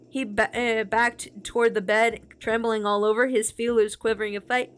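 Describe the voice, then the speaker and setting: A woman streamer reading a children's horror book aloud, expressive with small slips. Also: on the high side, moderate pace, smooth. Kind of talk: storybook read-aloud.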